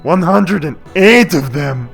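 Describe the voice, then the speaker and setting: A man voicing a menacing male tomb spirit in a game, with a theatrical hunchback-servant voice and drawn-out cackling. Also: on the high side, lively intonation, creaky, fairly bright tone, faint music behind, full character voice. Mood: menacing glee. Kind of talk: reading game dialogue aloud.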